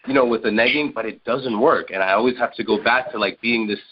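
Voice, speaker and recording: A man's voice: mid-range voice, quick pace, dull audio, slight background noise. A man calling in to a podcast, rambling through his question and saying "like" a lot. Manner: rambling, heavy use of "like". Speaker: caller. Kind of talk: casual question to hosts.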